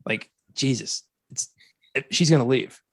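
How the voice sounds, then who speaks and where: A man's voice: medium pitch, a little slow, slightly rough, no room sound, studio quality. A man co-hosting a casual movie review podcast, sarcastic and laughing often, swearing freely. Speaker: podcast co-host.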